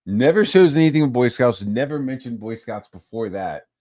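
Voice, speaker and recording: A man's voice: mid-range voice, moderate pace, no echo, studio quality. A man ranting casually about online drama, swearing a lot and mocking others in put-on voices. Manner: profane, animated, mocks others in put-on voices. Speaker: channel host.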